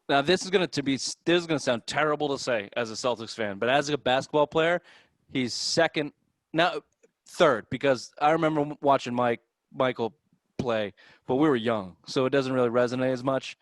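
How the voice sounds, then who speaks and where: A man with a Boston accent hosting a casual sports podcast, animated and profane, his voice jumping up when he gets worked up. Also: medium pitch, moderate pace, no room sound.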